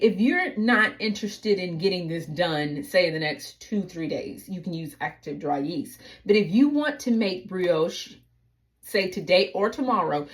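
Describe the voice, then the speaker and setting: A woman from the United States, talking through a baking lesson in a chatty, explanatory way. She strays into side explanations, and her voice rises and falls a great deal. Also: mid-range voice. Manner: chatty, explanatory, tangent-prone. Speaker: baking instructor. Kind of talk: casual cooking tutorial.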